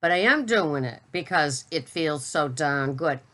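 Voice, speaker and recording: A woman with a Boston accent, a keto coach chatting casually to camera in a vlog, talking in a loose, halting way with pauses mid-thought. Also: deep voice, animated, a bit bright.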